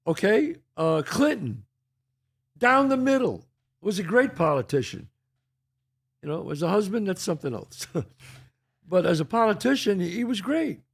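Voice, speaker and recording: Gravelly, animated older man ranting. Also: sits high. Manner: emphatic, profane, rhetorical questions. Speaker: podcast host. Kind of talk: heated solo monologue.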